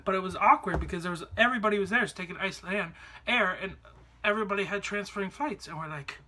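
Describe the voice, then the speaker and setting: Fast and pitched high, his voice sounds pushed and bright over a little hiss or hum. This Canadian vlogger tells the camera about a trip in a loose, rambling way, filled with fillers and false starts.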